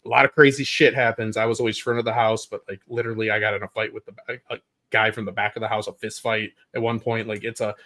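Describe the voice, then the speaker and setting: A man co-hosting a casual livestream chat, talking in a rambling, excitable way and swearing casually. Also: fairly low pitch, quick pace. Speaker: co-host.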